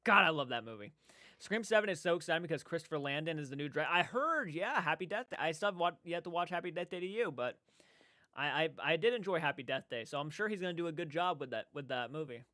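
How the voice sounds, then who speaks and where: Male livestream host, casual chat, rambling, excitable, bright voice, dry close sound. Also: on the high side, fast talker, no room sound. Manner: rambling and excitable, many restarts. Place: indoor room.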